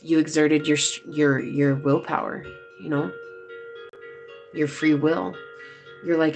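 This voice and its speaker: Chatty tarot reader w a gravelly voice, loose filler-y talk, soft music behind. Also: mid-range voice, flat delivery, moderate pace. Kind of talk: casual spoken tarot reading to viewers.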